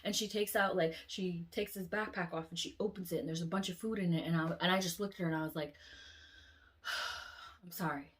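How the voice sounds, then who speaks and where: A woman vlogger telling a long dream story in an animated, casual way, swearing often and acting out the lines. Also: on the low side, brisk.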